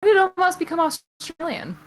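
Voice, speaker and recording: A woman's voice: very high-pitched, very animated, fairly quick, rough recording. A woman co-hosting a podcast, retelling a wrestling match move by move in casual chat, with many ums. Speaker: podcast co-host.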